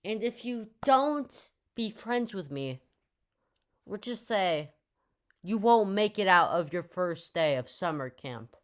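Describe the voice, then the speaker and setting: A woman's voice: mid-range voice, expressive, takes it slowly. A woman voicing a pushy, scheming boy at summer camp in a storytime video, speaking close to her own voice. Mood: threatening. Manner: pushy, mock-threatening.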